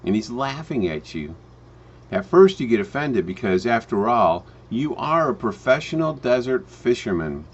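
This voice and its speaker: A man tells a parable in a plain, mid-pitched voice, leaning on slow, emphatic phrasing. He often stops and restarts his lines. The recording sounds dull and lo-fi. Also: big pitch swings. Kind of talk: spoken parable for a home business pitch.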